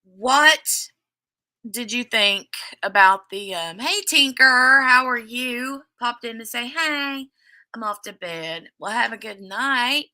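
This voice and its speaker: A woman's voice: on the high side, slow pace, sharp tone. A woman hosting a casual livestream, chatty and laughing often as she greets viewers by name and recaps a TV episode. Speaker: livestream host.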